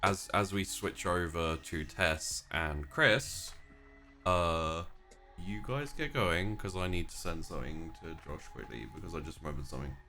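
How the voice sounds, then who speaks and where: Low-voiced man running a tabletop game. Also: animated, bright, forceful tone, faint music behind. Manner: casual, halting, with many fillers. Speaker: game master.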